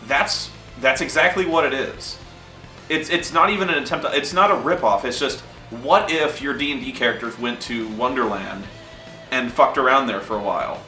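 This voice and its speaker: A man spinning a gaming story with lively, swooping pitch and a bright, forceful edge, swearing freely and tripping over restarts. He is heard off-mic in an echoey room, with faint music underneath. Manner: profane, excitable, frequent restarts. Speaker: tabletop game storyteller. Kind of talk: animated storytelling.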